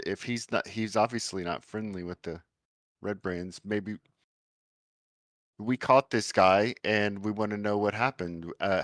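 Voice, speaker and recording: A man playing a tabletop game over an online call, thinking aloud with many pauses and laughs. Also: low-pitched, no room sound, clean studio sound. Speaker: player. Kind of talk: casual game table chat.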